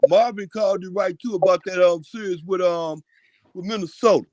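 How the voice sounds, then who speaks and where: A man calling into a casual sports chat, rambling and repeating his shout-outs. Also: sits high, fairly quick, highs cut off, noisy background. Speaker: caller.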